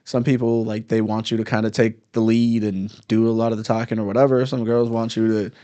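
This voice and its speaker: A man chatting casually as a comedian guest, telling stories with animated energy and laughing often. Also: lowish voice, a little fast, smooth. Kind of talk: casual podcast chat. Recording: live stream, studio mic.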